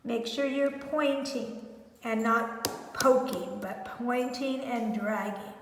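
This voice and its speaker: A woman's voice: a little high, fairly even intonation, slow, background noise. A woman teaching a phonics lesson to young children, stretching out sounds as she sounds out words. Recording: echoey room with long reverb.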